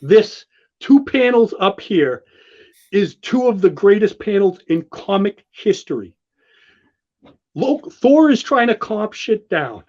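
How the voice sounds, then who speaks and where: Excitable high-voiced man gushing. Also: takes it slowly. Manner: excitable, gushing, rambling with restarts. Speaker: show host walking through a comic. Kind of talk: enthusiastic casual commentary. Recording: dull lo-fi sound.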